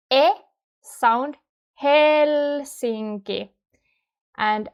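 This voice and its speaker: A Finnish-accented woman teaches pronunciation at an unhurried, deliberate pace. Her voice sits fairly high, and she repeats each word patiently so the learner can follow along. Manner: careful, repeats words slowly for demonstration. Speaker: language teacher. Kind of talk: pronunciation lesson.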